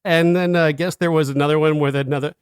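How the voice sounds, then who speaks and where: A man's voice: fairly high pitch, fairly even intonation, fast, clear, resonant tone, no echo, clean studio sound. A man co-hosting a film review podcast, chatting bluntly and in an exasperated way, often laughing. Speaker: podcast co-host, film critic. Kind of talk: casual chat.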